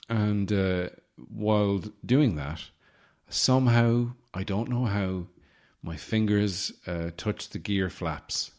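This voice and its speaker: A man hosts a casual solo podcast from his home in the city. His voice sits very low, and he rambles through deadpan jokes and asides. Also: slow. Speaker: podcast host.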